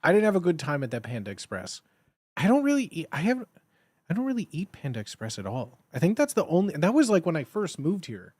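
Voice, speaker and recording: A man's voice: on the high side, wildly swooping pitch, brisk, a little mellow, no echo. A young man streaming, chatting casually and rambling, with lots of fillers and restarts. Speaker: live streamer reading chat. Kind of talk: casual chat.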